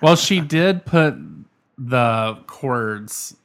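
A man's voice: mid-range voice, animated, very slow, smooth. A man in a casual debate, blunt and insistent, teasing his co-host.

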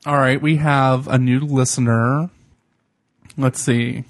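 A man's voice: mid-range voice, fairly even intonation, takes it slowly, no echo. Giggly swearing podcast host, man. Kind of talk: casual chat.

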